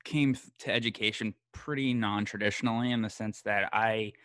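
A man's voice: on the low side, steady tone, brisk, a bit bright, no echo. An American man, a history podcaster, chatting casually in a rambling, self-deprecating way with many fillers. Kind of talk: casual conversation.

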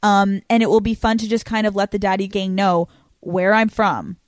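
A woman hosting her podcast in casual chat, brash and profane, quick and often laughing. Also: mid-range voice, no echo. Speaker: podcast host.

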